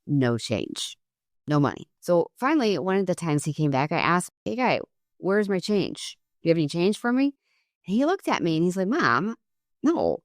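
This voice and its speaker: A middle-aged woman hosting a podcast, telling a family story earnestly and acting out quoted lines with a higher voice. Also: dry recording, studio quality. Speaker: podcast host. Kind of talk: solo podcast talk with storytelling.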